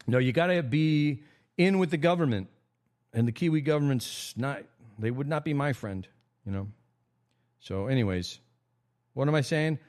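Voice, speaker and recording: A man from America hosting a casual livestream monologue, rambling with frequent restarts and sudden jumps in pitch. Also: expressive, moderate pace, long pauses, darkish tone. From United States. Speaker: host.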